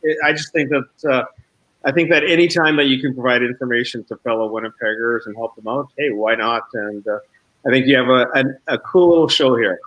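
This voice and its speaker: Friendly realtor guy on a video call, relaxed chatty mid voice. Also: mid-range voice, brisk, rough recording. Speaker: guest, real estate agent. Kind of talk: casual interview chat.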